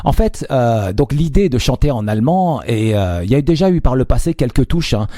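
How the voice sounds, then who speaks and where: A male radio host with a French accent who hesitates and fills pauses, translating a live interview into French. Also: mid-range voice, animated, warm tone, no echo, clean studio sound. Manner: hesitant, many fillers, switches between French and English.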